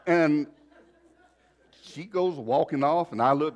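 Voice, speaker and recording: A man preaching a sermon, telling a folksy personal story and shifting between loud and soft. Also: fairly high pitch, expressive, unhurried, pauses often. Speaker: pastor.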